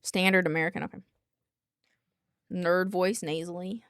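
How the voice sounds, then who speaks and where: Gravelly-voiced woman streamer reading aloud. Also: fairly low pitch, lively intonation, fairly quick, no room sound, studio quality. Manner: chatty, thinking aloud, self-correcting. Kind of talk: reading aloud with casual commentary. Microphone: close desk microphone.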